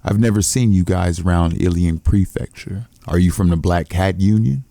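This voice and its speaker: A man's voice: sits low, moderate pace, creaky, warm tone, dry recording. A man voicing a ruthless young male martial arts demon who poses as an errand boy, with blunt, curt lines. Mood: cold.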